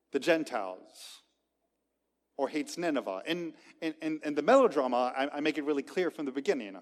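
A male preacher delivers a sermon in a fairly high, very animated voice that rises and drops sharply in loudness. He takes his time, lingering on key words. The sound rings with the long reverb of a large hall. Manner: emphatic, dramatic swings in loudness and pitch.

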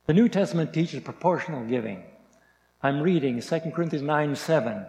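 A man preaching a sermon, reading scripture slowly and stressing key words. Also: on the high side, lively intonation, a little mellow, big-room sound, rough recording.

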